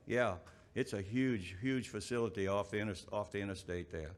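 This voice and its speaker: A man, the event's emcee, telling a joke in a rambling, halting way and chuckling at his own lines. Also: lowish voice.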